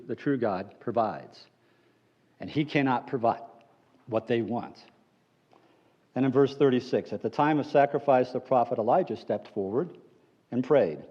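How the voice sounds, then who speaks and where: Animated male pastor preaching a sermon. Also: lo-fi sound. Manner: animated, playful storytelling that drops to low earnest appeals.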